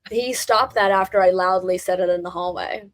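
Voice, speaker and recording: A young woman co-hosting a podcast, chatting in a relaxed way at one steady volume. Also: lowish voice, moderate pace, no echo. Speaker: podcast co-host. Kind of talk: casual chat.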